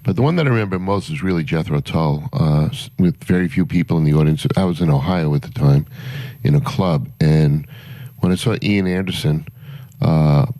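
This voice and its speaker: A man's voice: very deep voice, moderate pace, mellow, no echo. A man, a concert promoter guest on a morning radio show, telling rambling anecdotes with many fillers. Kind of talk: casual radio storytelling.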